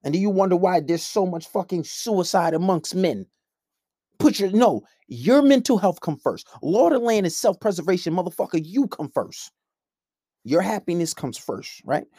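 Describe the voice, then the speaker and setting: A man's voice: high voice, lively intonation, moderate pace, warm tone, no echo, clean studio sound. A man who coaches men, delivering a blunt, combative, profanity-heavy rant. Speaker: men's coach. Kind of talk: profane ranting monologue.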